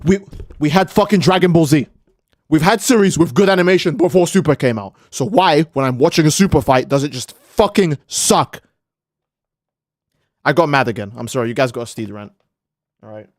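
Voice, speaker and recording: A man's voice: fairly high pitch, expressive, moderate pace, dry recording, clean studio sound. Profane, heated male streamer ranting. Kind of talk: casual live-stream rant.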